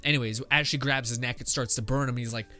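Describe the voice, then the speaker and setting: Fast, pushed and bright, his medium-pitched voice nonetheless keeps a steady tone. The podcast host works out a story in real time, rambling, swearing and using lots of fillers as he thinks aloud against faint music.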